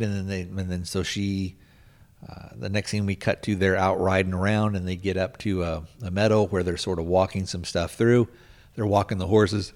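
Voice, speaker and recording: Podcast host, male, lowish voice, casual rambling plot recap full of fillers. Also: steady tone, moderate pace. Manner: rambling, hedging with frequent filler words. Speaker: podcast host reviewing a film.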